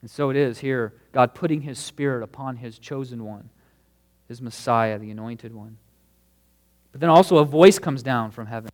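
A man's voice: mid-range voice, normal speed, darkish tone, in a large hall. A man preaching a sermon as a pastor, earnest and emphatic, leaning hard on key words.

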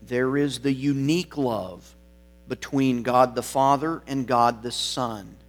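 Slow, deliberate male preacher. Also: medium pitch. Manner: deliberate, stressing single words; emphatic, drops to quiet phrase endings. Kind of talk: sermon.

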